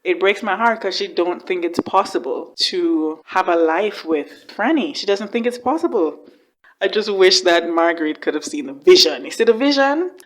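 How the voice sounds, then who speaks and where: A woman's voice: on the low side, lively intonation, moderate pace. A woman hosting a reaction video, chatting casually and emotionally, often exclaiming and repeating words for emphasis.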